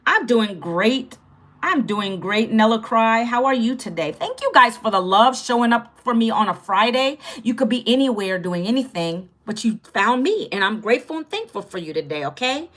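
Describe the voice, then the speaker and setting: A woman's voice: medium pitch, fairly bright tone. A woman in her fifties, a content creator, chatting casually on a livestream, greeting viewers by name in an upbeat, chatty way. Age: 50s.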